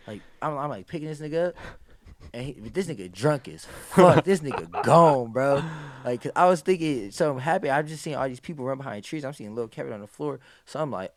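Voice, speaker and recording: Brisk and mid-pitched, this podcast guest swaps stories with no room sound in the background. His talk is loose and profane, thick with slang, and he animatedly plays out the things people shouted.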